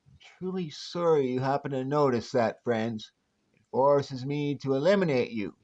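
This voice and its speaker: A man voicing a grizzled old male desert prospector with a slow, folksy drawl, on a dull lo-fi recording. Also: mid-range voice, a little mellow, natural voice. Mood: menacing.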